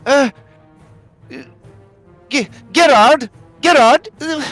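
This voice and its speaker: A man plays a flustered captive woman whose voice jumps way up high. She stumbles over her words, anxious and fretful, with faint music behind. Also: very slow, fairly bright tone, no room sound, exaggerated voice. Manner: flustered, stammering. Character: nervous human woman captive cook.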